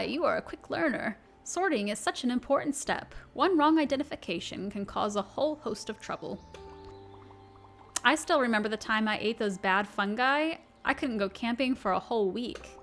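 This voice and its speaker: Woman reading gentle village mentor for a cozy game, kindly and instructive. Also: fairly high pitch, creaky.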